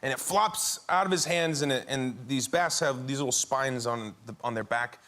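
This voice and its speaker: A man, a talk show guest, telling a story in a halting way with many restarts. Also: medium pitch, a bit bright. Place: TV studio.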